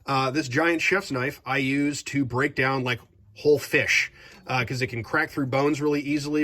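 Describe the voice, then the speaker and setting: A young man casually reviewing his kitchen knives at home, animated and jokey, gushing over favorites and ranting about one he hates. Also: mid-range voice. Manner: enthusiastic, animated, jokey asides. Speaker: vlog host.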